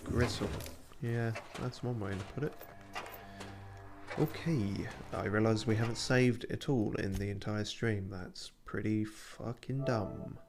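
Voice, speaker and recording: Speaking at a measured pace in a lowish voice, a male let's play streamer chats casually about his game. He swears plenty and keeps tossing in self-deprecating remarks.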